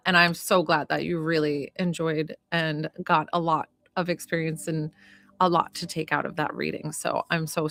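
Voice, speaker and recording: Speaking in a lowish voice with no echo, a woman chats casually with her live stream audience in her role as a psychic medium and healer. Warm-hearted and rambling, she fills her talk with lots of filler words.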